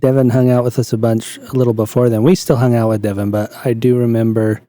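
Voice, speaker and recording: A man from Utah chiming in during a casual podcast chat, chatty and quick to laugh. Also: mid-range voice, flat delivery, warm tone, no echo. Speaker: podcast co-host.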